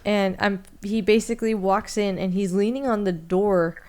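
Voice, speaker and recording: A woman's voice: mid-range voice, fairly even intonation, normal speed, a little mellow. A woman co-hosting a book club podcast, talking casually with lots of fillers and reading passages aloud. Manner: chatty, many "like" fillers, reads passages aloud. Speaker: podcast co-host.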